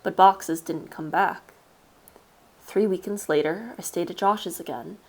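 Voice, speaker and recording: A woman streamer reading a story aloud live, in a measured storytelling manner with casual asides. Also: lowish voice. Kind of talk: live read-aloud narration.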